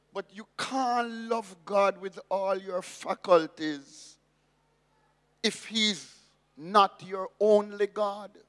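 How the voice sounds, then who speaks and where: A man's voice: sits high, big-room sound. A man preaching a sermon as pastor, emphatic and repeating his key phrases.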